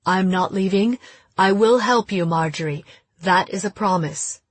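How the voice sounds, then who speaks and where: A woman voicing a calm, grave Catholic priest who speaks in measured tones. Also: mid-range voice, no room sound, natural voice.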